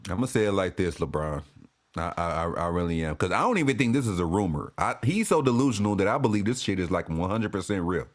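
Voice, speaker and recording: A man ranting as a sports fan commentator, profane and animated, often restarting and repeating himself. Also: sits low, fast talker. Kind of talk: ranting vlog.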